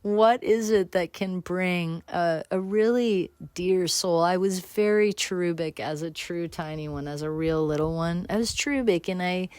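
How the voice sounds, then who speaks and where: Low-voiced woman telling a candid story. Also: unhurried, hardly any pauses, a little mellow, clean tone, no room sound. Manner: rambling, candid, self-deprecating with restarts. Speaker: radio show host. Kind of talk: personal storytelling monologue.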